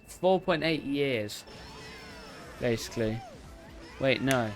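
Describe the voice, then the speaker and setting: A man's voice: on the high side, animated, takes it slowly, pauses often, soft background music. A man live-streaming a racing game, chatting casually with his viewers in a rambling, self-interrupting way. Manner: bursts into loud repeated "no, no" while playing. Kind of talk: casual live-stream chat while gaming.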